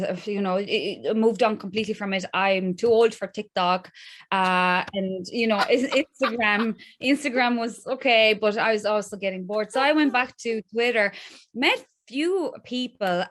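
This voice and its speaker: A woman's voice: mid-range voice, a bit bright. A woman from Poland with a Polish accent, a guest in a casual interview, talking with many fillers and restarts and laughing often. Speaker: podcast guest.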